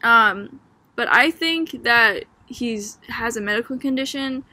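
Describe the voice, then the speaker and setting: Bright, chatty young woman from Boston. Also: a little high, animated, slow, no echo. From Boston, Massachusetts. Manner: chatty, filler-heavy with frequent "like" and "um"; amused, laughing as she talks. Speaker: student. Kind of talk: casual book discussion.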